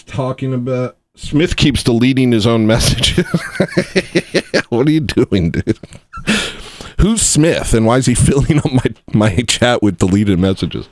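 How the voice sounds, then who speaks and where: A man hosting a casual livestream, ranting and swinging from low mumbles to loud outbursts. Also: dry recording, studio quality. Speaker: livestream host.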